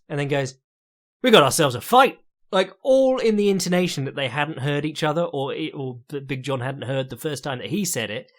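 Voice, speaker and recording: A young man hosting a podcast alone, giving casual fight commentary in a sardonic, profane manner with quick asides. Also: a little high. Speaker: podcast host and fight analyst.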